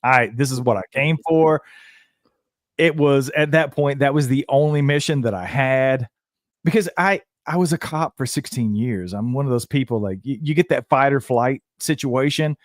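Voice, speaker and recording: A man's voice: mid-range voice, moderate pace, dry recording, studio quality. A man who was a police officer, telling a story as a podcast guest with emphatic, slangy energy. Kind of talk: casual storytelling chat.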